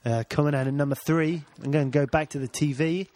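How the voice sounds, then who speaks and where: A man's voice: fairly high pitch, steady tone, fast talker, a little mellow. A man co-hosting a comedy show, joking along and interjecting mate over and over. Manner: jokey, keeps interjecting mate. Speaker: comedy podcast co-host. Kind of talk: mock Australian banter.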